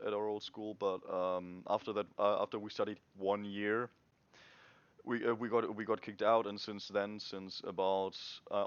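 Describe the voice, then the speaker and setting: Young guy, low-ish voice, lots of um and restarts, dry muffled mic. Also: clean tone, dry recording. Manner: halting, many restarts and fillers. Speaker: indie game developer. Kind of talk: casual devlog chat.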